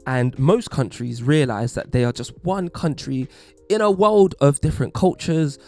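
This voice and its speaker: A man's voice: on the high side, expressive, normal speed, warm tone. A man hosting a podcast, giving an emphatic, wry opinion monologue. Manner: wry, emphatic, puts on mock voices. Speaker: podcast host.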